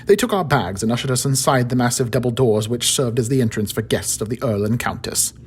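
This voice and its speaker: Storyteller: man, calm measured narration, husky voice. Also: mid-range voice.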